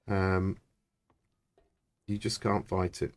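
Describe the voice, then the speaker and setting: A man, chatting excitably and thinking aloud during live gameplay commentary. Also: low voice, slow, pauses often. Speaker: streamer.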